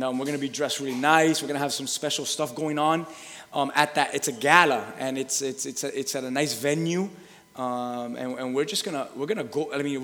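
A man who is a pastor giving church announcements, stumbling over restarts and working up to loud, excited calls to the congregation. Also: on the high side. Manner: repetitive stammering restarts, then shouting and laughing. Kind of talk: church announcements building to a shouted sermon-style hype. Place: large church hall. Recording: long hall reverb.

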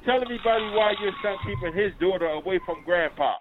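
A man's voice: sits high, animated, quick pace. A man on a chat line, hurling insults and taunts at another caller. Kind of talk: heated phone argument. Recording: tinny phone line with noise.

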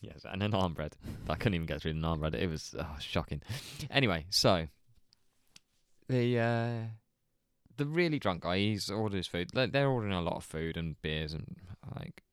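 A man telling a story in casual chat, animated, swearing and laughing often. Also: low-pitched, moderate pace, smooth, no room sound, studio quality. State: hungover. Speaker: podcast co-host telling a story.

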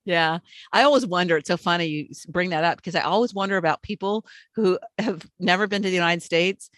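Middle-aged woman podcast host, low-pitched, casual and giggly, trails off softly; dry sound. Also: brisk, no room sound. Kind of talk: casual interview chat.

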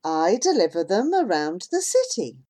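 A woman reading aloud voices an adult male rickshaw driver with a gentle, sing-song manner. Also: high voice, wildly swooping pitch, normal speed. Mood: friendly.

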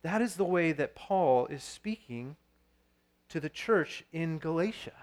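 Man, pastor, sermon, earnest, somewhat high-pitched, storytelling. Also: animated, measured pace. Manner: earnest, storytelling with rising intensity and frequent restarts.

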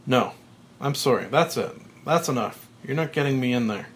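A man voicing a frantic middle-aged male TV executive, reading a screenplay aloud, his voice pitched high, loud and panicky. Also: animated, normal speed, a little hiss or hum, natural voice. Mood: panicked. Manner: high, loud and panicky, then giddy and manic.

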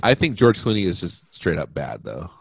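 A man's voice: low voice, sing-song, moderate pace, creaky, husky, no echo, clean studio sound. A man chatting casually on a podcast, offhand and laughing often. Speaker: podcast co-host. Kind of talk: casual chat.

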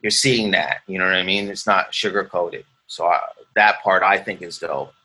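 A Canadian man, an actor, talking casually in an interview and acting out quoted exchanges with lively laughs. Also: low voice, moderate pace, breathy edge. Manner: animated storyteller, acts out quoted exchanges, laughs often. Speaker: actor guest.

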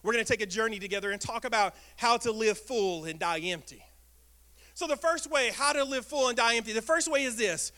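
A man preaching a sermon as pastor, talking in a lively way and asking the congregation questions. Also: very high-pitched, a little fast. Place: church sanctuary.

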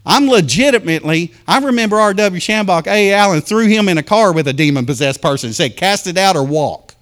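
A man preaching a fervent sermon to a congregation, telling stories and talking straight to the people in church, swinging from loud to hushed. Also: high-pitched, expressive, fast. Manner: addresses congregation directly. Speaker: pastor.

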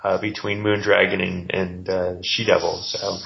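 Podcast co-host, male, low voice, rambling and halting, muffled lo-fi sound. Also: level tone, vocal fry. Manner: rambling, halting, many restarts. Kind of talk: casual chat.

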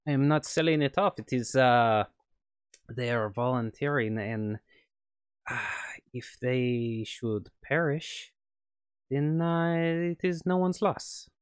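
A man's voice: mid-range voice, takes it slowly, clear, resonant tone, dry recording, clean studio sound, pitched above the performer's own voice, lightly acted. A man voicing a scheming French woman scientist with a wavering put-on French accent. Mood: cold, reasoning.

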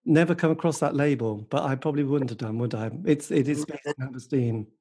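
A man's voice: medium pitch, fairly quick, warm tone, husky. A man interviewing a musician, chatty and asking leading questions. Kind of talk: casual radio-style interview.

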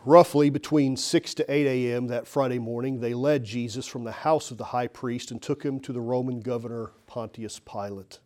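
Male pastor, sermon, emphatic storytelling, warm mellow voice. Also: medium pitch, fairly even intonation, moderate pace, hardly any pauses. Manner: emphatic storytelling, voice rises and falls.

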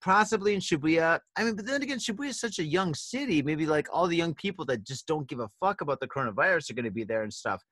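A man's voice: a little high, expressive, quick pace, hardly any pauses, a bit bright, no echo. A man co-hosting a casual drinking podcast, laid-back and profane, saying "dude" and "like" a lot. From United States. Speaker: podcast co-host.

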